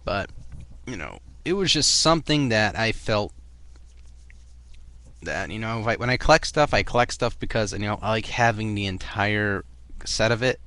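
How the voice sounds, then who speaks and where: A man's voice: on the low side, expressive, normal speed, pauses often, sharp tone. A young man with a Boston accent, chatting casually in a rambling vlog full of fillers and restarts. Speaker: vlogger.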